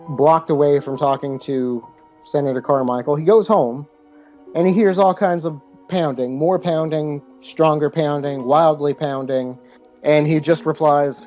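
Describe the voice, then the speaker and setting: A man's voice: on the high side, warm tone. A man with a somewhat raised voice retells a movie plot on a casual podcast, stumbling over fillers and swearing as he goes. The recording sounds a bit muffled. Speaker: podcast co-host. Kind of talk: casual movie recap chat.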